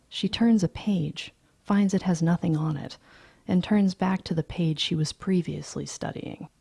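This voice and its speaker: A woman narrating a novel aloud in a slow, hushed, half-whispered delivery. Her voice is dark and gravelly with a husky edge. The pace stays unhurried throughout. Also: low voice, dry recording. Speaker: audiobook reader.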